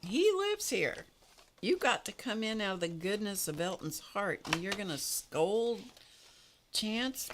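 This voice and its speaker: A woman's voice: deep voice, a bit bright, slight background noise. A woman hosting an art livestream, chatting casually in a rambling, storytelling way with small laughs as she paints. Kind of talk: casual chat while painting.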